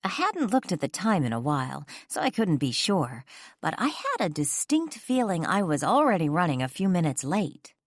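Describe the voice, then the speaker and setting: A woman narrating a first-person romance audiobook in an expressive storytelling voice. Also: on the low side, normal speed, dry recording, clean studio sound.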